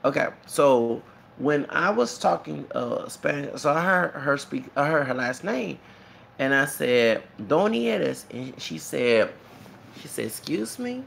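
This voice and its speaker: A man's voice: mid-range voice, a little slow, creaky, a little hiss or hum. A man, rambling through a casual monologue with frequent asides and laughter. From Texas. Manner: rambling, animated, laughs often, many asides. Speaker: YouTuber.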